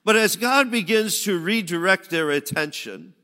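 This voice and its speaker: A man preaching a sermon, shifting from loud pleading cries to hushed, low phrases. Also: expressive, moderate pace, in a large hall. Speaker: pastor.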